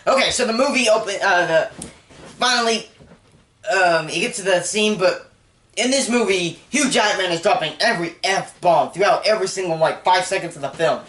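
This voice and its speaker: Excitable young man in a roomy echo. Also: high-pitched, normal speed. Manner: rambling and excitable, many restarts. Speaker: movie reviewer. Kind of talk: casual spoiler review.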